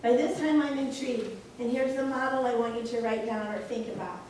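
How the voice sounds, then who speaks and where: A woman's voice: a little high, brisk. A woman nursing instructor leading a staff training session, telling a story from her work and acting out both sides of the dialogue. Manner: animated storytelling, acts out dialogue. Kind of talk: in-service staff training talk. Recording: echoey room, mic far off, loud noise.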